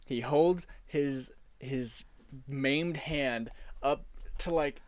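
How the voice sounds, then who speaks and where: A man's voice: mid-range voice, extremely slow, no room sound. A man co-hosting a casual film podcast, retelling scenes with swearing and theatrical bursts. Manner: profane, animated retelling of scenes. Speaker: podcast co-host. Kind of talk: casual film-review chat.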